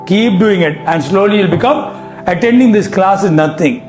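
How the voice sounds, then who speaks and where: A man's voice: sits high, lively intonation, normal speed, a little mellow, roomy sound, faint music behind. Emphatic Indian English male coach. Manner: emphatic, rhetorical questions, mixes in Hindi. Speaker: hypnosis coach. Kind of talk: classroom teaching. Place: training hall with a live class.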